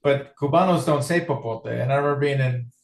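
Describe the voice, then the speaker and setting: A man's voice: mid-range voice, a little fast, vocal fry. Laid-back Californian man, echoey room. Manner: laid-back, rambling, repeats words. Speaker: podcast guest, musician. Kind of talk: casual chat.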